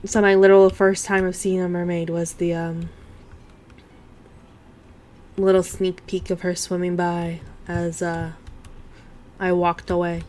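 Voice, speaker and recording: A woman's voice: lowish voice, little pitch movement, unhurried, long pauses, darkish tone, a little hiss or hum. A woman casually chatting and thinking aloud while livestreaming a cozy farming game. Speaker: gaming streamer. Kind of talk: casual gameplay commentary.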